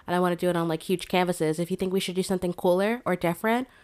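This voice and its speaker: A woman's voice: lowish voice, steady tone, rapid-fire, darkish tone. A young woman co-hosting a podcast, telling stories in a chatty, laughing way. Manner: chatty, storytelling, lots of "like" and laughter. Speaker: podcast co-host. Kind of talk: casual chat.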